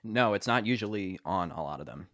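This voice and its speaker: Give me a young man with a lowish voice, in a rambling podcast chat. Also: animated, fairly quick, a bit bright, dry recording, clean studio sound. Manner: rambling storyteller, heavy on fillers, laughs often. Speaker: podcast co-host. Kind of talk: casual chat.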